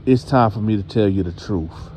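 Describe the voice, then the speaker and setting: A man voicing a stern, churchgoing grandmother who scolds and demands answers in a raised, high voice. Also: normal speed, darkish tone, a little hiss or hum, natural voice. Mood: grim.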